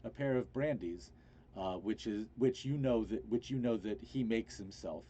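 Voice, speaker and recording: A man narrating a tabletop game as game master, halting with many restarts, over an online voice call. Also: lowish voice, dark tone, slightly rough, muffled recording.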